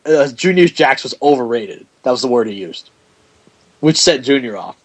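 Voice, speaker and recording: A man's voice: mid-range voice, normal speed, rough recording. A man hosting a podcast, telling stories in casual chat, acting out quotes and laughing often. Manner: animated storyteller, acts out quotes, laughs often. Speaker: podcast host.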